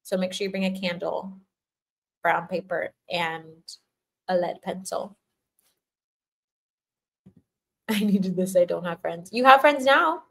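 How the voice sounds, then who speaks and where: A woman's voice: on the low side, slow pace, creaky, long pauses, a bit bright. An older woman hosting a livestream as a spiritual teacher, chatting casually in a playful, giggly way and laughing often.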